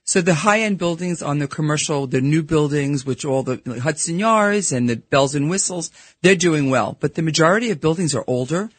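Husky middle-aged Brooklyn woman. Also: deep voice, lively intonation, no echo. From New York. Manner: blunt, fast-talking, frank. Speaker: podcast host and real estate broker, guest. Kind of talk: casual radio interview. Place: radio studio. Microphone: studio microphone.

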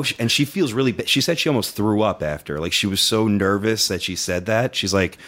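A man's voice: fairly low pitch, fairly quick, few pauses, a bit bright. A young man on a casual podcast telling an anecdote, acting out the voices of the people he quotes. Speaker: podcast co-host. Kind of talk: casual storytelling chat.

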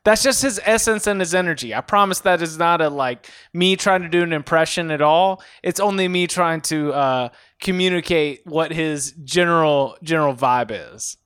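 Joking male podcast co-host, smooth voice. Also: a little high, moderate pace, hardly any pauses, a bit bright, no room sound. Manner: joking, dry asides. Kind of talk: casual sports podcast chat.

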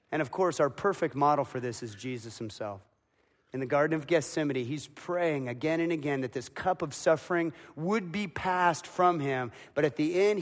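Man preaching in a reverberant hall. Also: a little high. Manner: dramatic, builds to loud emotional peaks. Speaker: pastor. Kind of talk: sermon. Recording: long reverb of a large hall.

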